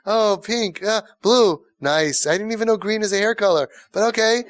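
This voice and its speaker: A man's voice: sits high, moderate pace, voice pushed up, close to an everyday voice. A man voicing an overly enthusiastic parent who showers fake praise in exclamations. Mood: gushing. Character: gushing, fake-cheerful parent, middle-aged.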